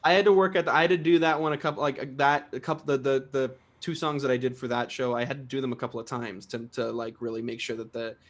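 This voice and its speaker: A man's voice: mid-range voice, fairly even intonation, quick pace, few pauses. Chatty young man with easy laughs. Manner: chatty, self-deprecating, laughs often, many fillers and restarts. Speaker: guest singer. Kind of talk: casual interview.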